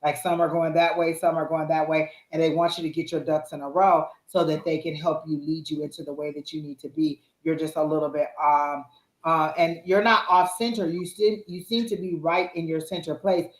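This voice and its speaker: A woman with a low voice chats her way through a live tarot reading, reassuring and loose in her phrasing. She speaks from home, and the sound is roomy with a noticeable echo. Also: fairly even intonation, a little fast. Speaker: tarot reader co-host.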